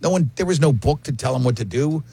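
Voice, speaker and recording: A man's voice: medium pitch, quick pace, vocal fry. A man hosting a morning radio show, joking and bantering with his cohosts. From Italian American. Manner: joking, animated, interrupts. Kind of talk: casual banter.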